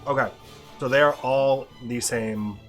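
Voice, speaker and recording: A man playing a video game and explaining it dryly, often trailing off into a quiet mumble. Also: medium pitch, steady tone, a little slow, faint music behind. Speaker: player and co-host of a gameplay video. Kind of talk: casual gameplay commentary.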